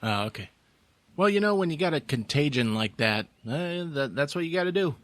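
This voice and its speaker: A man's voice: on the high side, expressive, fairly quick, a bit bright, no echo. A man co-hosting a podcast in casual chat, curious and asking short questions, on a close microphone. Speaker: podcast co-host.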